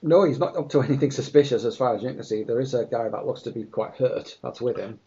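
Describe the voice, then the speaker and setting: A man's voice: mid-range voice, fast, dark tone, dull audio. A man narrating matter-of-factly as game master of a tabletop horror game.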